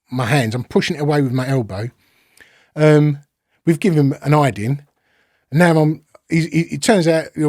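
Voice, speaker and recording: A man's voice: mid-range voice, no room sound, clean studio sound. A middle-aged man with a London accent, a podcast guest casually telling a story, swearing freely and acting out the quotes. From England. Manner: swears freely, lively retelling with acted-out quotes.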